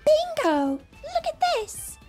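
A woman voicing an excitable little girl puppy from a cartoon, in a squeaky high voice for a storybook reading. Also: slow pace, soft background music, heavily acted. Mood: excited.

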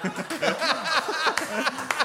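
A man's voice: very high-pitched, expressive, drawn-out words, crowd noise. A man hosting a podcast, trading crude jokes and laughing in casual banter. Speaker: podcast host.

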